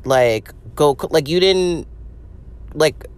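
A woman's voice: low voice, slow, a little mellow, clear, resonant tone. A young woman hosting a podcast, talking in a rambling, profane comedic monologue full of "like" and laughter. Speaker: podcast host.

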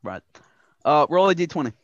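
A man's voice: a little high, very animated, normal speed, dry recording, highs cut off. A man running a casual tabletop game, narrating with many restarts and mild swearing. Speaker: game master.

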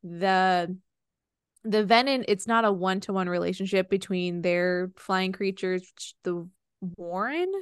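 A woman's voice: medium pitch, fairly even intonation, takes it slowly, clear, resonant tone, no room sound, studio quality. A young woman co-hosting a casual book podcast, retelling scenes in a rambling way with lots of fillers and restarts. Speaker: podcast co-host.

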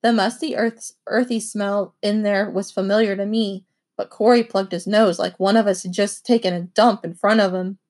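A woman's voice: mid-range voice, normal speed. Woman reading a children's novel aloud. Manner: expressive first-person narration. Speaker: audiobook reader.

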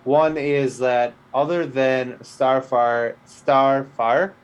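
Slow-talking young man, blunt and slangy. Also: mid-range voice, muffled recording. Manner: blunt, slangy, swears freely. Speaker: podcast co-host. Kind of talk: casual chat reviewing a TV episode.

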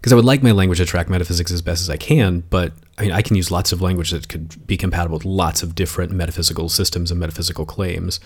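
A man's voice: low voice, fairly even intonation, fast talker, few pauses, breathy edge. A man hosting a podcast, talking in a chatty, casual way with fillers and laughs. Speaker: podcast host.

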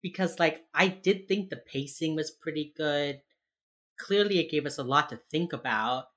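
A woman's voice: sits low, moderate pace, a bit bright. A woman co-hosting a podcast, recapping an episode in casual chat, saying "like" often and acting out characters' lines. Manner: rambling recap with lots of "like", acts out characters. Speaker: podcast co-host.

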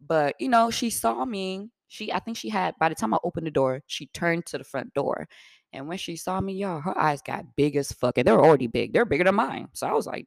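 A young woman from Africa hosting a podcast, telling a story in a blunt, profane, animated way. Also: low-pitched, normal speed, vocal fry, no room sound, clean studio sound. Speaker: podcast host. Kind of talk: casual storytelling.

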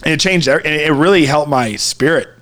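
Rambling, somewhat high-voiced man telling a story. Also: normal speed, fairly bright tone. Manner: rambling, full of "like" and "dude"; reflective, earnest. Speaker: podcast co-host. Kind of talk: casual storytelling.

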